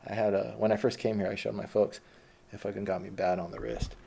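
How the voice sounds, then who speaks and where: Brief: man, low flat gravelly voice, loose profane autobiographical rambling. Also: brisk. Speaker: storyteller recounting his life. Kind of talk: casual autobiographical monologue.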